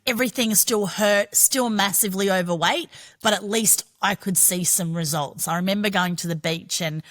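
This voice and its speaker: A woman's voice: mid-range voice, moderate pace, a bit bright. A middle-aged Australian woman telling her own story as a podcast guest, frank and chatty, swearing freely. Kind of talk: candid personal storytelling.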